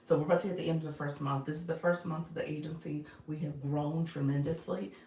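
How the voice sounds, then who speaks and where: A woman's voice: deep voice, steady tone, fast, mellow, roomy sound, a little hiss or hum. A woman hosting a casual live stream from her phone, chatting with viewers, greeting them by name and laughing often. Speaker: live-stream host and business coach.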